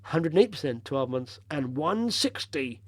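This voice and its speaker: A man's voice: fairly high pitch, big pitch swings, measured pace, dry recording. A man hosting a casual stock-picking video, talking over charts in a chatty, rambling way with blunt opinions, tired after a long drive.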